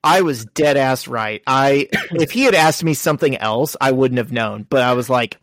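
A man's voice: mid-range voice, animated, moderate pace, a bit bright, no echo. A man co-hosting a podcast, chatting casually and acting out little quoted bits as he tells stories. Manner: chatty storyteller, acts out quotes. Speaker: podcast co-host. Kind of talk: casual chat.

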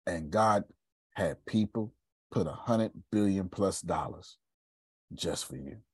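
A man hosting a live video show, talking casually with animated, preachy energy. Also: sits low, slow pace, breathy edge, no echo, studio quality. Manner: animated and preachy, with Southern Black American slang. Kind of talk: casual live-stream talk.

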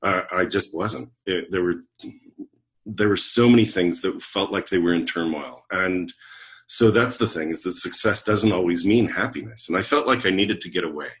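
Low-voiced man telling a story. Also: normal speed. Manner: animated storyteller who acts out quoted dialogue. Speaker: podcast guest, leadership coach. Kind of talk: conversational storytelling.

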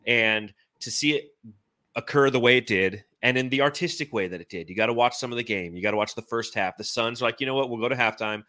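A man's voice: mid-range voice, fast, bright, forceful tone, dry recording. A man in his forties hosting a casual sports podcast, enthusiastic and rambling. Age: 40s. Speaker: podcast host.

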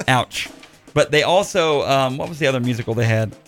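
A man's voice: medium pitch, lively intonation, normal speed, faint music behind. A man hosting a podcast, chatting casually in a jokey, rambling way with lots of fillers. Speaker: podcast host.

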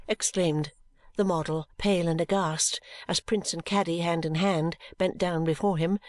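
An audiobook reader narrating a classic novel in the first person, measured and unhurried. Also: mid-range voice, no echo.

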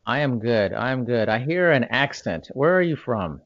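A man's voice: medium pitch, very animated, no room sound, lo-fi sound. Upbeat American man hosting a podcast. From United States. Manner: upbeat, chatty, with slow deliberate intro phrasing. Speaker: podcast host.

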